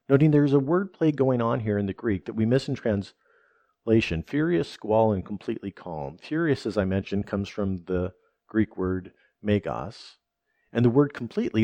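A man's voice: fairly low pitch, warm tone, dry recording. A man preaching a sermon, emphatic and conversational, often asking "right?" and restarting his words.

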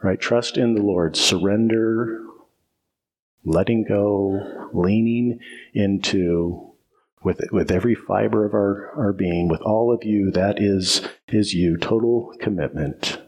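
A man's voice: fairly low pitch, moderate pace, few pauses, a little mellow. A man preaching a sermon as pastor, emphatic and repetitive, often asking "right?" and restarting phrases.

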